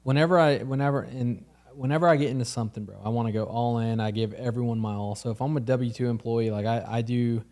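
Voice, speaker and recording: A man's voice: mid-range voice, steady tone, fast, hardly any pauses, darkish tone. A man co-hosting a casual podcast, talking about his work in a sincere, thoughtful way. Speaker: podcast co-host, realtor.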